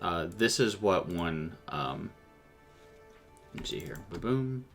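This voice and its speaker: Bright-voiced man running a tabletop game. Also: deep voice, slow, creaky, soft background music. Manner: animated, breaks into vocal sound effects. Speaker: game master.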